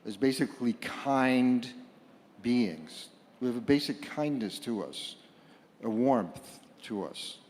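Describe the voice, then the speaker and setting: Man, reflective public talk, halting and repetitive, loud bursts, mid pitch, long hall reverb. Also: lively intonation, a little hiss or hum. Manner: halting, repeats words, rises to loud bursts. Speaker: speaker at a book fair panel. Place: large hall before a live audience.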